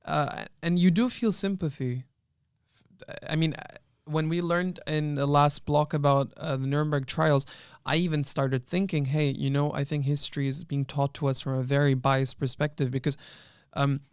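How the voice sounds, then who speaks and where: A man's voice: fairly high pitch, steady tone, normal speed, clear, resonant tone, no room sound, studio quality. A young man, a law student, earnestly retelling a film in a casual panel discussion, with many restarts.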